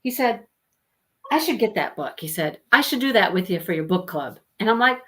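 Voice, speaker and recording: A woman's voice: a little high, lively intonation, moderate pace, fairly bright tone. A woman hosting a live book discussion, chatting casually, telling stories and laughing often as she reads out viewer comments. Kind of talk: casual chat on a livestream.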